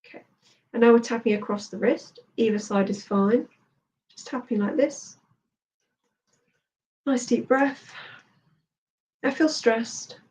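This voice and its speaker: A woman therapist and coach leading a guided tapping session, speaking slowly and soothingly as she gives instructions. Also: a little high, a little mellow, far from the mic, poor audio.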